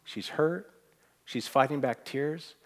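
A man preaching to a gathered room, his voice at an ordinary middle pitch. He talks with earnest conviction, pushing up into emphatic, ringing stretches and then easing into quiet, tender asides. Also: slow pace. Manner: earnest, rising to emphatic peaks and dropping to soft quoted asides. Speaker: pastor. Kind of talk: sermon. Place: church hall with audience.

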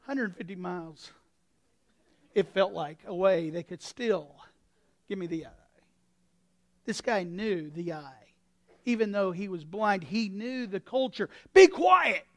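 A male pastor preaching a sermon with a folksy, anecdotal manner, swinging from quiet asides to sudden shouts. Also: sits high, measured pace, pauses often. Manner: impassioned, breaks into sudden shouts.

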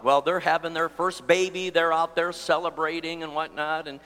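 A man's voice: a little high, steady tone, moderate pace, hardly any pauses, bright, forceful tone. A pastor in his sixties preaching a live sermon, telling a self-deprecating story in a chatty, conversational way. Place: church sanctuary before a congregation. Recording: long reverb of a church hall.

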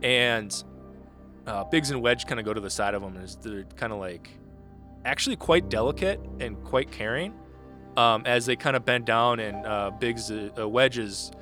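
A man running a tabletop role-playing game, narrating in a relaxed way with many fillers. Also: mid-range voice, moderate pace, soft background music. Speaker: game master.

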